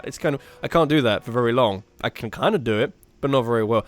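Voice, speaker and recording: A man's voice: medium pitch, animated, a little fast, a bit bright. Jokey young man voicing a game playthrough. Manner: jokey, self-mocking, swears casually. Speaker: gaming YouTuber. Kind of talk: let's play commentary, reading game dialogue in put-on voices. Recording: faint game music behind.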